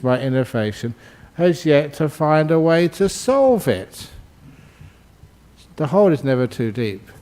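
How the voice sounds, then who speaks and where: An older man, a Buddhist monk, giving a Dhamma talk with gentle humour and emphatic repetition. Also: medium pitch. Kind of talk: sermon.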